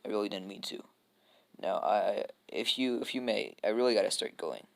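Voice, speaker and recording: A man's voice: lowish voice, moderate pace, gravelly. A man voicing an easygoing young male ninja traveler who talks in an apologetic, rambling way.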